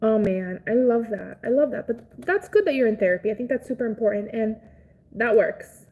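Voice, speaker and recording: A young adult woman chats casually with viewers on a live stream, rambling with many "like" fillers and speaking in an emotional, sympathetic, consoling way. Her fairly high voice is expressive, brisk and warm, but the audio quality is poor.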